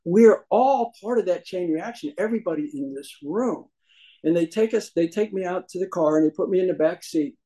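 A man tells his life story to a meeting audience. His voice sits a little above the usual male pitch. He talks in a folksy, humorous way and acts out the voices of the people he quotes. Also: normal speed, mellow, poor audio. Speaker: speaker sharing his recovery story.

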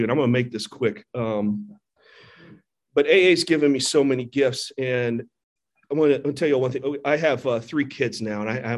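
A middle-aged man giving an earnest, candid recovery testimony from a church podium microphone, often restarting his sentences. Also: medium pitch. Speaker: speaker sharing at a recovery meeting. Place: church meeting hall.

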